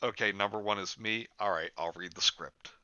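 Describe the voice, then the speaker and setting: A man hosting a casual comedy podcast, talking in a deadpan, self-deprecating way. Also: on the low side, normal speed, no room sound, muffled recording. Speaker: podcast host.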